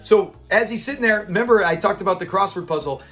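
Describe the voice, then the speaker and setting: A man with a fairly high voice recapping a classic sitcom episode on his own channel. He talks casually and with animation, slipping into the characters' lines as he goes. Soft background music plays under him. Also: fast talker. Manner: chatty, animated, acts out quotes.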